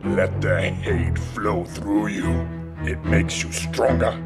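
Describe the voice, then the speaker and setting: A man voicing a cold, menacing male dark-lord villain in a slow, drawn-out delivery over loud music. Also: fairly low pitch, fairly even intonation, slightly rough, heavily acted.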